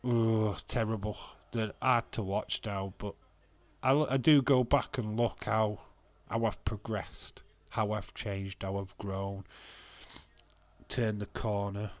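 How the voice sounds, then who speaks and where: A man's voice: lowish voice, steady tone, slow pace, dry recording. A man streaming casually, rambling and self-deprecating, with a stuffy, bunged-up nose and frequent laughs. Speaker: wrestling streamer. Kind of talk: casual live-stream chat.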